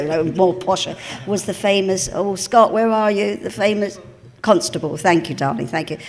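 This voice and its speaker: An older Englishwoman with an East End London accent and a lowish voice is a guest at a live stage interview in a cinema auditorium before an audience. Chatty and animated, she laughs often and calls people "darling," with long hall reverb on the sound.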